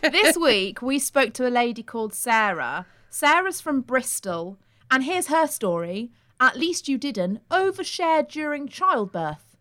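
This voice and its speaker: Podcast host woman, high bouncy voice, takes her time, playful. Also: big pitch swings, unhurried, fairly bright tone. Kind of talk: casual podcast chat.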